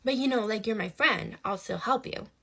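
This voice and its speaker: A woman telling a personal story in a casual, animated and exasperated way. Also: fairly high pitch, normal speed, vocal fry.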